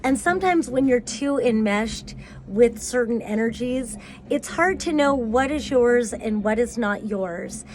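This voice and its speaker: A woman's voice: fairly high pitch, lively intonation, measured pace. A woman giving a casual tarot reading, talking in a rambling, hesitant way with many fillers and restarts. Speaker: tarot reader.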